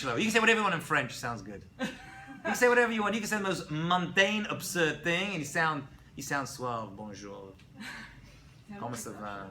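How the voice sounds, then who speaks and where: A man, a rabbi, giving a casual classroom lecture to students, animated and often checking in with "right?". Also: a little high, a little hiss or hum. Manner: animated, asks students questions, frequent "right?". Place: college lecture room.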